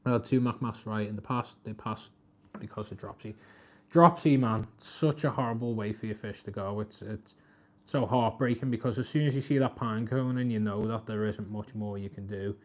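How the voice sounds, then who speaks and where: Chatty man. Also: moderate pace. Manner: chatty, talks to his cat and viewers, voice jumps high when scolding. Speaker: live stream host. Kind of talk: casual live stream chat.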